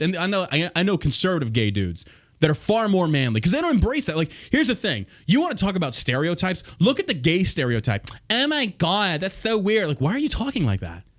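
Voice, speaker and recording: A man hosting a podcast, ranting in a profane, combative way. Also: on the high side. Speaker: podcast host. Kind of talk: casual podcast rant.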